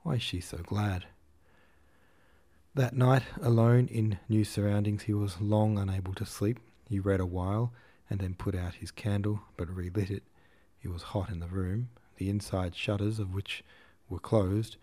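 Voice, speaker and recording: A man reading a classic novel aloud as a podcast host, in a measured storytelling manner. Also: lowish voice, little pitch movement, warm tone. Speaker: audiobook reader and podcast host.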